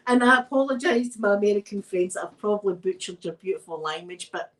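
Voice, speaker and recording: A Scottish woman, host of her own channel, telling personal stories in a chatty, animated way and laughing often. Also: medium pitch, fast, low-quality recording. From Scotland. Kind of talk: casual storytelling chat.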